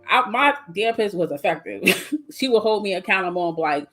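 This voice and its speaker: Woman, 40s, blunt and animated talk-show guest, mid-pitched voice, faint music underneath. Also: brisk. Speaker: guest speaker on mental wellness. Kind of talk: casual podcast discussion.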